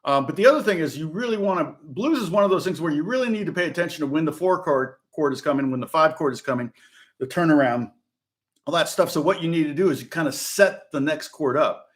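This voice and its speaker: This fast-talking, middle-aged man from the United States teaches guitar and speaks in a high, animated voice. On a casual live stream he rambles and chats, laughing a lot and starting over many times.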